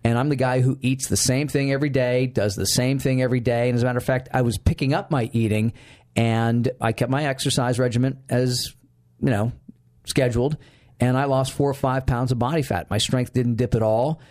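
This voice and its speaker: A man's voice: mid-range voice, a little fast. A man hosting a podcast in casual chat, telling stories and acting out quoted dialogue. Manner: animated storyteller who acts out quoted dialogue. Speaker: podcast host.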